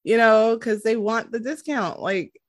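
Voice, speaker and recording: Animated woman podcast host, dry sound. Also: on the high side, unhurried, no room sound. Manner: animated, laughs often, dramatic asides. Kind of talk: casual chat.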